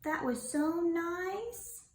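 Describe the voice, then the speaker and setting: Teacher lady reading a kids picture book, high voice, slow and animated, echoey room. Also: slight background noise. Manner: animated storyteller, asks children questions, stretches lines slowly. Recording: roomy echo.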